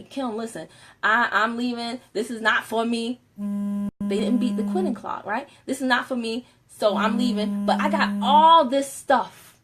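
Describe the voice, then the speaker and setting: High-voiced, animated woman on a live stream. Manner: animated, laughing, chatty with viewers. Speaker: Facebook Live host. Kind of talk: casual live-stream talk.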